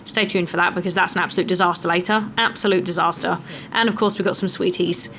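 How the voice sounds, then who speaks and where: A woman's voice: lowish voice, steady tone, quick pace, fairly bright tone, a little hiss or hum. A young woman vlogging a hiking trip, chatty and self-mocking as she narrates. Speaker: travel vlogger. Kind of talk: casual travel vlog narration. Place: outdoors on a mountain trail.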